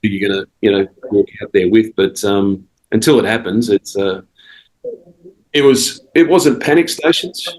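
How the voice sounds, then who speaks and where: Australian male coach, lowish voice, relaxed anecdotes full of restarts, for a podcast interview. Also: moderate pace, rough recording. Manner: rambling, with restarts and quoted dialogue. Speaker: cricket head coach, podcast guest. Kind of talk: casual storytelling interview.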